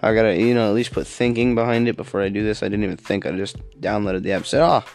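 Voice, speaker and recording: A man's voice: on the low side, little pitch movement, quick pace, gravelly, a little mellow, soft background music. Rambling, slangy young man. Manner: slangy and offhand, full of "dude" and "man"; rambling, with restarts and fillers. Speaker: podcast host. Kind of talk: casual rambling monologue.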